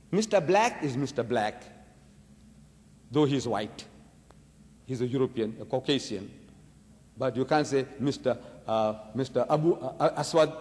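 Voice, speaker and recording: Emphatic male lecturer in an echoing hall. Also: a little mellow. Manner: rhetorical questions, sweeping pitch swings and slowed emphasis. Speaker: public lecturer on religion. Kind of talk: emphatic religious debate lecture. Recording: reverberant hall recording.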